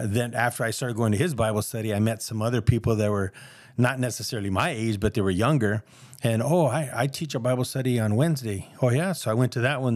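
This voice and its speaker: A man's voice: lowish voice, darkish tone, dry recording, studio quality. A man sharing his personal testimony in a casual, earnest, rambling way, acting out the voices of people he quotes.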